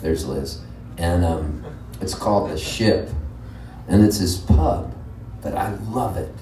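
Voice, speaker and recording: A Canadian-born singer-songwriter chatting and telling jokes to a live audience between songs. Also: male voice, deep voice, slow pace, warm tone, a little hiss or hum. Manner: joking, chatty storyteller. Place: live music venue. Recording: roomy live room, distant mic, guitar under speech.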